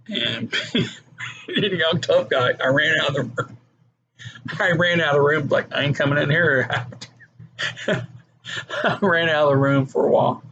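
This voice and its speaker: A man's voice: mid-range voice, gravelly. A man giving an earnest personal testimony, acting out the voices in his story. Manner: earnest storytelling with acted quotes. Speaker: testimony speaker. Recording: muffled with background noise.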